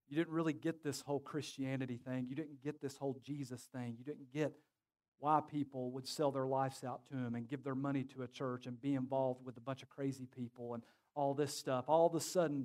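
A man preaching a sermon as pastor, joking and calling on his congregation to answer back. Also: medium pitch. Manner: lively, joking, calls on the congregation to respond. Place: church sanctuary.

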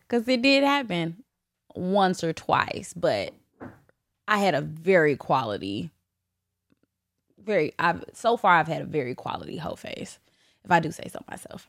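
A woman's voice: no echo, clean studio sound. Blunt, laughing young woman podcaster. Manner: blunt, profane, laughing often; lively, swings from loud bursts to low asides. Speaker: podcast host. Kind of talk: candid solo podcast talk.

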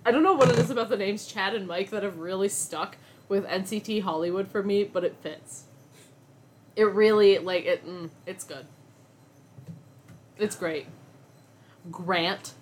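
A woman's voice: medium pitch, unhurried, pauses often, a little hiss or hum. A young woman co-hosting a podcast in casual chat, joking and ranting with bursts of laughter. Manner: giggly, animated, jokey rants. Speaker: podcast co-host.

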